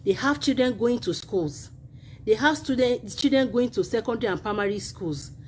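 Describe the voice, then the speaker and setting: A woman's voice: fairly high pitch, moderate pace, slight background noise. A woman with a Nigerian accent, a university union member making an impassioned video appeal, emphatic and indignant, repeating her points.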